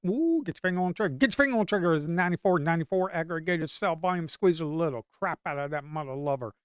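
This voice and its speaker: A man giving casual live commentary as he trades, excitable and slangy, swinging from low muttering to loud hype. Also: clean tone, no room sound, studio quality. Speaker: live-stream day trader.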